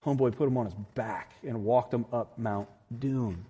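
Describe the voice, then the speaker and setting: Mellow, husky-voiced preacher in a hall. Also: male voice, mid-range voice, normal speed. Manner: earnest and emphatic preaching with rising peaks. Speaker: pastor. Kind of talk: sermon. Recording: long reverb in a large hall.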